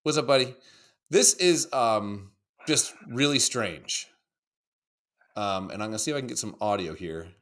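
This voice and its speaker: A man co-hosting a podcast, chatting casually about videos in a profane, excitable, rambling way. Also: lowish voice, moderate pace, long pauses. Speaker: podcast co-host. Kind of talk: casual chat reacting to videos.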